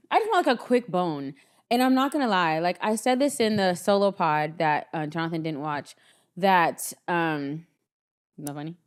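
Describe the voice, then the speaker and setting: A woman's voice: fairly low pitch, expressive, moderate pace. A woman co-hosting a podcast in casual chat, talking in a chatty storytelling way and laughing often. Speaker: podcast co-host.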